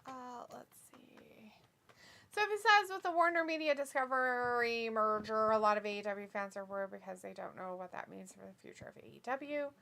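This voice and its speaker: A giggly woman co-hosting a live stream, reading viewers' chat messages aloud between laughs. Her voice sits high and sounds bright and forward. She reacts loudly and animatedly to what she reads. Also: expressive, fairly quick, creaky, few pauses. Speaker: co-host of a wrestling watch-along stream.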